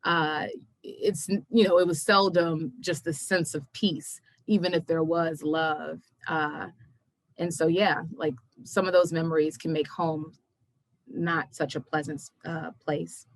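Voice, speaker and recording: A young woman poet reading her poems aloud at a virtual event, measured and emphatic, pressing hard on the questions. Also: sits low, steady tone, no echo. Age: young adult. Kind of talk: poetry reading. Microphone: video call.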